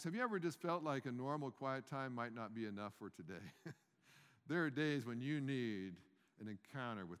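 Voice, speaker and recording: A man's voice: mid-range voice, fairly bright tone, clean tone. A man preaches a sermon in an easy, conversational way, stopping to ask his listeners questions and circling back over his own words. His voice sits in the middle range. The sound carries the long reverb of a large hall. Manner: conversational, restarts, rhetorical questions to the congregation.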